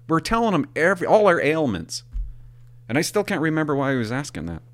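A man's voice: on the high side, a little fast, dry recording. A man hosting a podcast, telling rambling stories and acting out other people's lines. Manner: animated, rambling, acts out quotes with voices and whispers. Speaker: podcast host. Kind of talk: casual storytelling.

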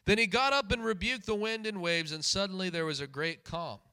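A man's voice: sits high, fairly quick, sharp tone, clean tone. A man preaching a sermon, emphatic and repetitive, putting questions to his congregation. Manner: emphatic, repeats key phrases, asks the congregation questions.

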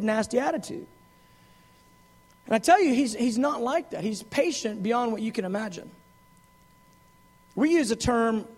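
A man preaching a sermon in an animated, conversational way, with frequent asides and acted quotes. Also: sits high.

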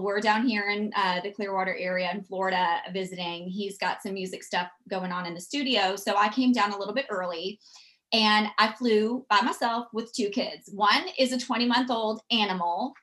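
A woman, telling stories as a podcast guest in a chatty, animated way. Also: mid-range voice, moderate pace. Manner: chatty, animated, quotes people in acted voices. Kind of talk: casual storytelling.

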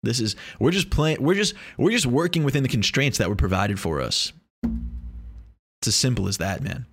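A man's voice: mid-range voice, lively intonation, normal speed, fairly bright tone, dry recording, studio quality. A young man talking in a casual, rambling monologue, joking and swearing freely.

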